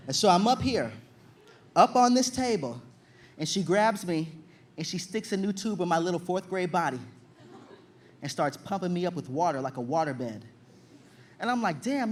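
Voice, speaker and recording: High-voiced young man doing stand-up. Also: slight background noise. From Virginia, USA. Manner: animated storytelling, loud acted-out shouts. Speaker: stand-up comedian. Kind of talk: stand-up comedy performance. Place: comedy stage before an audience.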